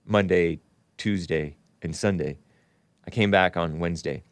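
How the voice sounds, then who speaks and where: A man's voice: deep voice, measured pace, no room sound. A congested man hosting a call-in talk show, rambling casually and laughing often between remarks. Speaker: talk show host taking calls and reading chat.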